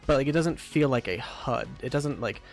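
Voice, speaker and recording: A game developer streamer with a medium-pitched, animated voice chats casually at normal speed about building his game while eating, with faint music behind him. He rambles, using lots of ums and frequently restarting his sentences.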